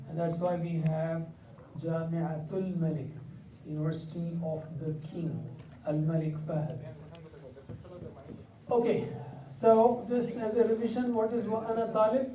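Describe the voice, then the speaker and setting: Guy teaching arabic to a class, slow patient drilling, quizzes everyone, dull roomy far-off sound. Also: fairly high pitch, fairly even intonation. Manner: patient, repeats words slowly and quizzes the class. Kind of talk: classroom language lesson. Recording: echoey dull room sound from a distance.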